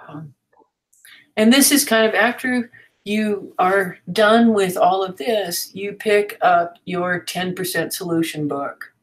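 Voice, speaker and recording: A woman leads a writing lesson in a loose, conversational way. She talks frankly, fills pauses with "um" and "uh", and drifts into side remarks. Her voice sits at an ordinary middle pitch. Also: poor audio. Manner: frank and chatty, with fillers and asides. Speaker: writing teacher. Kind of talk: casual teaching talk.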